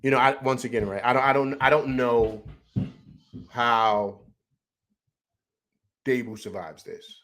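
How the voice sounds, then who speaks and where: A man's voice: mid-range voice, fairly even intonation, measured pace, pauses often, a bit bright. A man hosting a postgame sports show, upset after a loss, ranting in a heated, rambling way with many repeated words and restarts. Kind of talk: emotional postgame sports rant.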